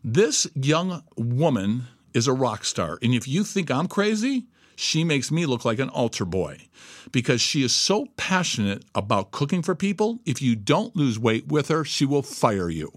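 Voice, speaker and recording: A man's voice: medium pitch, big pitch swings, normal speed, no room sound, clean studio sound. A middle-aged man giving a profane motivational monologue, blunt and emphatic, swearing constantly. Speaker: host.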